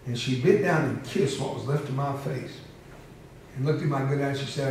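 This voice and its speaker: A man's voice: mid-range voice, moderate pace, darkish tone, slight background noise. Older man telling a story in an echoey hall. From United States. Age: 70s. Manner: humorous, emotional, laughs often. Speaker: motivational speaker. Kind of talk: storytelling speech to an audience. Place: large hall with an audience. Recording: echoey hall, heard from a distance.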